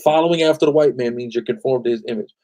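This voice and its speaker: A man's voice: mid-range voice, racing, dark tone. A man hosting a live-stream bible study, preaching emphatically, often asking "right?" and telling the reader to go ahead. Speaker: host leading a scripture study.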